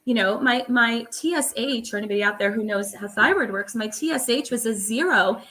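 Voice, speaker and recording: A woman's voice: fairly high pitch, a little fast, pushed and bright. A middle-aged woman, a guest on an interview show, telling her personal story in an earnest, emphatic way.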